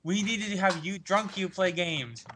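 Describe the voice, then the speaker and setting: Excitable bright-voiced man chatting. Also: high voice, measured pace, slight background noise. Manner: excitable, rambling, laughs often. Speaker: podcast co-host. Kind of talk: casual podcast chat.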